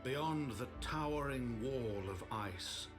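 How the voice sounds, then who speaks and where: A man's voice: mid-range voice, animated, takes it slowly, music in the background. A man giving solemn, grand scripted narration for a game cutscene.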